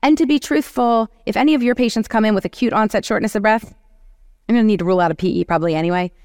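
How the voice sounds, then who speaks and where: A woman moderating a medical education panel, talking animatedly and acting out quick exchanges with patients. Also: mid-range voice, darkish tone, no room sound, studio quality. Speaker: panel moderator, oncology clinician. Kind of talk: continuing-education panel discussion.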